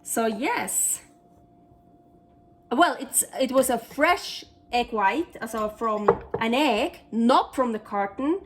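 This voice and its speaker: Woman, cooking vlog host, enthusiastic and chatty, higher voice, faint noise behind. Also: animated, slow. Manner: chatty and enthusiastic, thinking aloud.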